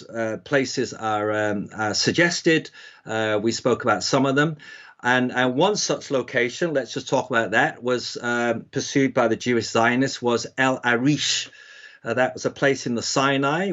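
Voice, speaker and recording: A man teaching Bible prophecy history in a casual, conversational way, rambling with frequent restarts and fillers. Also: medium pitch. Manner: rambling, many restarts and "you know" fillers. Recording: slightly dull lo-fi audio.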